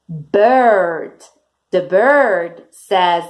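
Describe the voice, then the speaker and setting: A teacher speaks very slowly to young children, drawing each word out and spelling out its first sounds. Her pitch rises and falls a lot, and English is not her first language. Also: big pitch swings. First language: Italian. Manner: slow, deliberate, sounding out first letters for kids.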